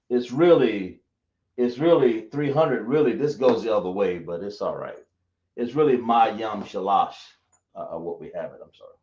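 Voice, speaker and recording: A man's voice: medium pitch, a little mellow. Man teaching in an echoey room. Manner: drawling, self-correcting, asks the class questions. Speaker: Hebrew teacher. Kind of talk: teaching a class. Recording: echoey, dull lo-fi room recording.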